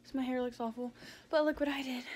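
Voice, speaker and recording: Giggly high-voiced female vlogger. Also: fairly even intonation, quick pace, darkish tone, slight background noise, low-quality recording. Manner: giggly, chatty, keeps restarting. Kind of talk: casual vlog chat.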